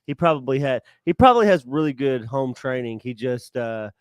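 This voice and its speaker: Smooth-voiced man musing casually. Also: mid-range voice, expressive, fairly quick, no room sound. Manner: musing, hesitant. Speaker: podcast co-host. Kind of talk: casual chat.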